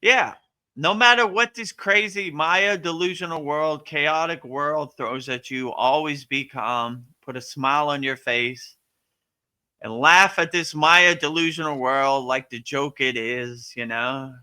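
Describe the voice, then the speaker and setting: A man's voice: a little high, measured pace, sharp tone, smooth. A man hosting a live yoga Q&A, chatting casually and laughing often, with lots of "you know" and "right". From United States. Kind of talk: casual livestream chat and spiritual teaching.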